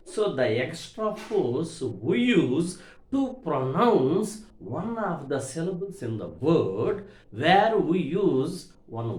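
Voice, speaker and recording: A man with an Indian English accent teaching an English lesson, repeating words slowly and stressing their syllables. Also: fairly high pitch, a little mellow. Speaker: English lecturer. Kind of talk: classroom grammar lesson. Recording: echoey room.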